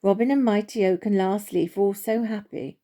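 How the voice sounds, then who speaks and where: A woman reading a children's storybook aloud in a gentle, unhurried way, with small slips and restarts. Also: mid-range voice, steady tone.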